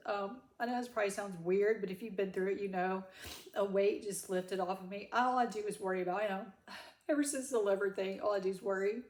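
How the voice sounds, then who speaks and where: A woman's voice: medium pitch, steady tone, a little fast, darkish tone, roomy sound. A woman, crying as she gives a rambling personal update to her viewers. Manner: rambling, self-correcting, Southern "y'all". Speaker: vlogger. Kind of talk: tearful personal update to camera.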